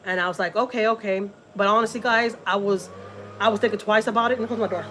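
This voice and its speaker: A woman's voice: mid-range voice, fairly even intonation, quick pace, a bit bright, a little hiss or hum. A middle-aged woman from Texas, telling a story in a casual, emotional way to her vlog viewers and repeating words as she goes. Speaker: family vlogger.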